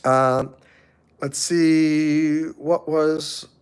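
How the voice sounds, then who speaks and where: High-voiced man telling stories on a live stream. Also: very slow, clear, resonant tone. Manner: animated storytelling, acts out quoted people. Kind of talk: motivational live stream talk.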